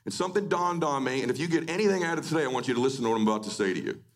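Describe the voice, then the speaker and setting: A middle-aged man giving a live motivational speech to an audience, swinging between emphatic shouting and hushed, emotional delivery. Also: medium pitch, lively intonation, racing. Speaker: motivational speaker. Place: event hall before a live audience.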